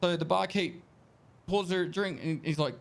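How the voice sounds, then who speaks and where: A man casually telling a joke to friends during a game session. His voice sits fairly high, and his telling is loose and full of fillers. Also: moderate pace, vocal fry. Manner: loose, filler-heavy storytelling.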